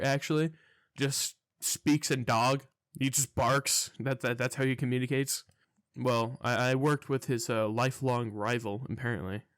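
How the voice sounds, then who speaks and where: A man's voice: mid-range voice, clear, resonant tone, no echo, studio quality. A young man telling a rambling, profane story in a casual vlog monologue, sounding incredulous. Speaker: storytelling vlogger.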